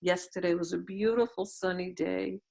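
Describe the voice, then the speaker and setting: A woman's voice: on the low side, steady tone, normal speed, gravelly, a little mellow. A middle-aged woman Zen teacher giving a dharma talk over a video call, reflective and storytelling, often posing questions to her listeners.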